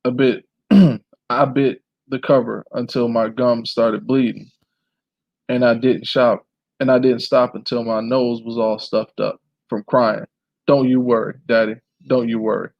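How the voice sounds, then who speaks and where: A man reading a memoir aloud in a plain, steady way, now and then clearing his throat. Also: mid-range voice, measured pace, no echo, muffled recording. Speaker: reader.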